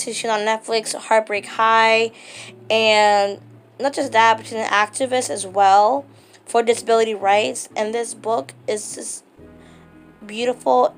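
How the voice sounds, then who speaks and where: A woman vlogging casually, gushing and excitable, with lots of fillers. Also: medium pitch. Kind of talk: casual book vlog.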